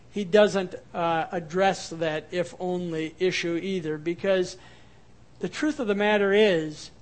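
A male pastor preaching a sermon, moving from lively acted-out quotes to soft, low, quiet passages. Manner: dynamic preaching, acts out quoted voices, drops to soft low tones.

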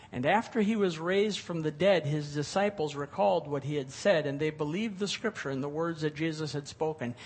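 A man's voice: fairly high pitch, husky. A middle-aged male pastor preaching a sermon, reading scripture and explaining it with rising emphasis.

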